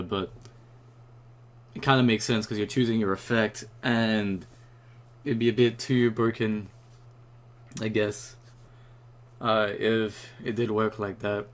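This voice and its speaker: A young man ranting casually and excitedly about a new card, rambling and swearing often, just after waking up. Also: fairly low pitch, slow pace, pauses often. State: just woke up. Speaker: YouTuber reviewing a card.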